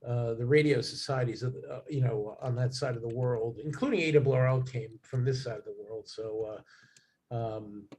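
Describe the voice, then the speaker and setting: A man chatting as a guest, his speech full of fillers, stops and restarts as he wanders from one point to the next. His voice sits in an ordinary middle pitch. A faint hiss of noise runs underneath. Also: normal speed, darkish tone. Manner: rambling, many fillers and restarts. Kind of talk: casual chat.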